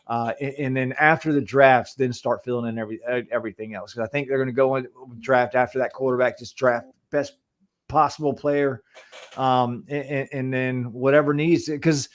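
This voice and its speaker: A man co-hosting a sports podcast, speaking in a relaxed, halting way with many fillers. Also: medium pitch. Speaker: podcast co-host. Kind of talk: casual sports podcast chat.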